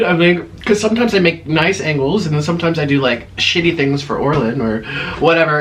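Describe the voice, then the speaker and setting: A man's voice: a little high, a little fast, a bit bright, a little hiss or hum. A man hosting an eating vlog, chatting through a dramatic story between mouthfuls. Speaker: vlogger.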